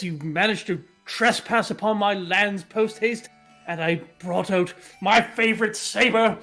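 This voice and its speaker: A man's voice: high voice, gravelly, a bit bright, husky, full character voice. A man as a bawdy pompous admiral. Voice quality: theatrical, archaic phrasing. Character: bawdy pompous male naval lord. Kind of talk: improvised tall-tale storytelling.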